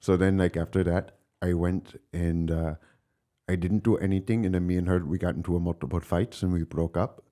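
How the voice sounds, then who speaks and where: A man's voice: low-pitched, fairly even intonation, fairly quick, dark tone. A young man from Long Island, a stand-up comedian chatting as a podcast guest in a rambling, laid-back way, full of filler words and swearing. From Long Island, New York. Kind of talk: casual podcast chat.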